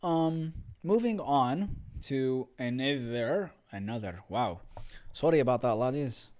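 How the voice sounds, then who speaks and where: Brief: male host, unhurried, clear tone, playful, a little hoarse. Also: medium pitch, expressive, darkish tone. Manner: enthusiastic, playful, with frequent fillers. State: slightly hoarse. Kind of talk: casual film commentary. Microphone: studio microphone.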